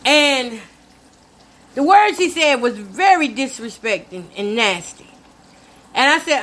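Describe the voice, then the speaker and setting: This older vlog host sits high in pitch, sounds expressive and fairly bright, and takes her time with long pauses. While cooking, she spins a story in a chatty, emphatic way and talks to her audience as "y'all."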